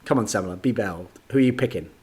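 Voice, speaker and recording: A man's voice: fairly low pitch, fast, a crowd in the background. Bantering British man. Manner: sardonic, swearing banter with bursts of laughter. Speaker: podcast co-host. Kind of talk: casual podcast chat.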